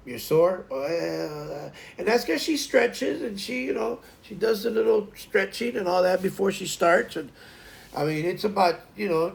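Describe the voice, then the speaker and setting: A man's voice: fairly high pitch, vocal fry. A man hosting a casual morning livestream, chatting to viewers in a rambling way and often restarting his sentences. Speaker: livestream host.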